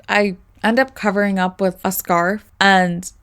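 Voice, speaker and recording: A woman's voice: medium pitch, fairly even intonation, a little slow, a bit bright, clear, resonant tone. A young woman telling a personal story to camera in a candid, slangy way, swearing often and dropping plenty of casual fillers. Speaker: storytime vlogger.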